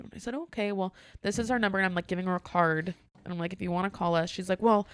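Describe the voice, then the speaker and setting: Gravelly-voiced woman telling a story. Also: fairly low pitch, quick pace, no echo, studio quality. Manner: animated storyteller, acts out dialogue, laughs often. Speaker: podcast co-host. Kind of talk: casual storytelling chat.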